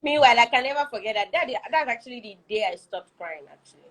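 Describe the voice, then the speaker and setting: A woman, a guest telling her own story in a casual interview, animated and acting out her past self. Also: fairly high pitch, fast talker, poor audio. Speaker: guest, wife.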